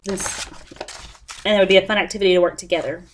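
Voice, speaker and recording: Young woman, chatty and apologetic, lesson demonstration, mid-pitched voice, faint background hiss. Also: steady tone, fast. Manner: apologetic, chatty, explains step by step. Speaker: student teacher presenting a lesson plan.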